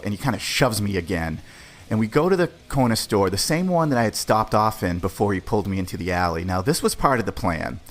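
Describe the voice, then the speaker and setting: A podcast host tells a personal story in a laid-back, conversational way, swearing as he goes. His voice sits on the low side, with lively intonation and a fairly quick pace.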